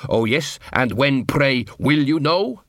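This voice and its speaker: A man's voice: medium pitch, lively intonation, takes it slowly, a bit bright, no room sound, clean studio sound. A man voicing an argumentative grumbling dwarf. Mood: sceptical. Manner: argumentative, sceptical. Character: suspicious grumbling dwarf civilian.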